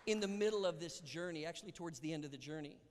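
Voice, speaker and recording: Preacher, male, lively sermon delivery with acted dialogue and whispers, higher-pitched, reverberant church hall. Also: racing, a crowd in the background, noisy background. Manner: animated, acts out Bible dialogue, drops to whispers. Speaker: pastor. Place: church sanctuary.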